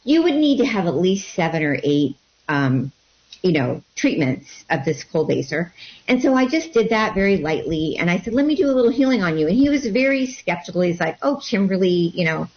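Woman telling an animated personal story. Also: on the low side, brisk. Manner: animated storytelling, acting out quotes. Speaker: guest. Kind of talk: storytelling in an interview. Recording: dull lo-fi sound.

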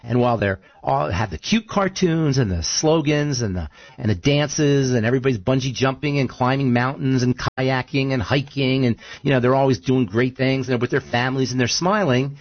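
A man co-hosting a radio talk show, an animated storyteller who voices the figures in his stories. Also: mid-range voice, no echo, dull audio. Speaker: co-host.

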